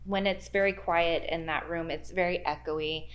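A woman's voice: on the low side, fairly even intonation, moderate pace. A woman guest telling a spooky workplace story in a podcast interview, acting out the quoted dialogue with big jumps in her voice. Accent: American Midwest. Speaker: guest, library archives worker.

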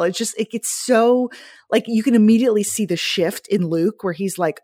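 A woman's voice: mid-range voice, expressive, a little slow, darkish tone, no room sound, studio quality. A woman guesting on a podcast, gushing and chatty with many fillers. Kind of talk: casual podcast chat.

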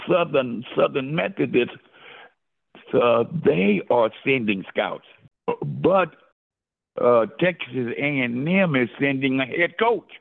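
Older man, interview guest, gravelly, slow talker, emotional, repeats himself, tinny phone audio. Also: medium pitch. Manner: emotional, repeats his words, exclaims often. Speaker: interview guest, former football player. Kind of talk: storytelling in a casual interview. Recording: phone-line call audio.

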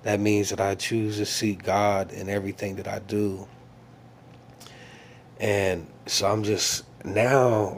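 A man with a somewhat low voice tells a long dream story in a casual, rambling way. He circles back, restarts sentences and leans on fillers as he searches for words. His tone stays earnest and reflective, with a faint hiss of background noise.

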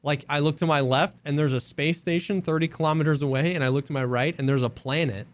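Man, podcast co-host, casual chat, enthusiastic, emphatic, slightly high pitch. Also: fairly even intonation, quick pace.

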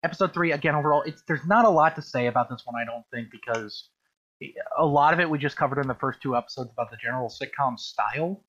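A man hosting a casual chat, animated and quick to swear and laugh. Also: medium pitch. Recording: dull lo-fi recording.

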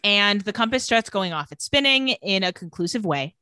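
Woman, podcast co-host, casual recap chat, middle pitch, dry close sound. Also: lively intonation, normal speed, bright, forceful tone, no echo. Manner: retells scenes with quoted lines, says "like" often.

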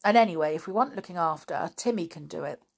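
A woman's voice: on the low side, lively intonation, fast, creaky. A woman voicing a stubborn, independent tomboy who talks bluntly.

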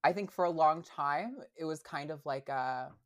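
A young adult woman speaks in a low voice at normal speed. Appearing as a podcast guest, she keeps the interview chat casual but hesitant, restarting often and leaning on fillers.

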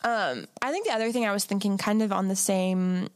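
A young woman co-hosting a podcast in casual chat, reflective and gently advising, with lots of filler words. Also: mid-range voice, brisk, clean tone, no echo. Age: young adult. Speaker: podcast co-host.

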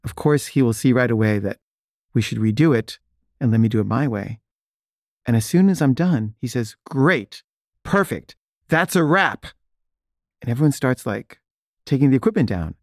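A man's voice: mid-range voice, expressive, brisk, warm tone, no echo, studio quality. A man who makes films casually tells a self-deprecating anecdote and livens up when he quotes other people. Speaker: filmmaker telling an anecdote. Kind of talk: casual storytelling.

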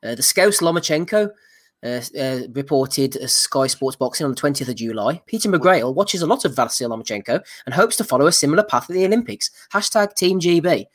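A man's voice: fairly high pitch, animated, a little fast. A man hosting a casual podcast, laughing between the listener posts he reads out. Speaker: podcast host.

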